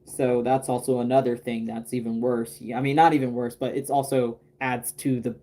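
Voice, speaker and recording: A man talks through his craft work on a casual livestream, rambling along with plenty of ums and restarts. His voice is mellow and warm, never bright. His pitch sits in a middle range. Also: level tone, normal speed. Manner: rambling, chatty, many fillers and restarts. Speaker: doll artist painting on a livestream. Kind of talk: casual livestream chat while working.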